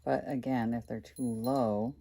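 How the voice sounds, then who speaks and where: A woman's voice: very deep voice, level tone, a little slow, gravelly, warm tone, slightly rough. A woman chatting casually while she crafts, thinking aloud as she works, with a slight Southern American accent that slips in and out. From United States. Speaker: craft vlogger.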